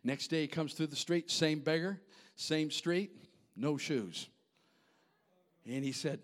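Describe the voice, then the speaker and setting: Man pastor with a high voice, preaching with passion, hushed one moment and shouting the next. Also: takes it slowly, pauses often. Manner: impassioned, swinging from hushed storytelling to shouting. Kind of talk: sermon.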